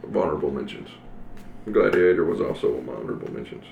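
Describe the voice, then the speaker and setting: A man co-hosting a casual podcast chat, relaxed as he leads the countdown. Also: extremely low pitch, fast, gravelly, narrow, tinny audio. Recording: echoey room with faint background noise.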